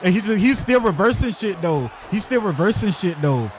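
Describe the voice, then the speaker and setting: A young man hosting an online wrestling league, doing loud, hyped play-by-play of a video game match, repeating his lines and heckling the players. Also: sits high, sing-song, normal speed.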